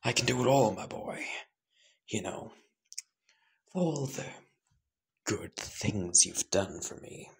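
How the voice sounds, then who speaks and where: A man voicing a fat, scheming, smooth-talking male crime boss in a drawn-out, coaxing whisper, as whispered role-play. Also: on the low side, lively intonation, full character voice.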